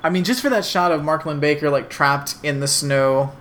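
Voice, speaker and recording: A man's voice: fairly high pitch, normal speed, slight background noise. A man co-hosting a podcast, casually recapping a sitcom episode and acting out the characters' lines. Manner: animated retelling, acts out quotes. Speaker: podcast co-host.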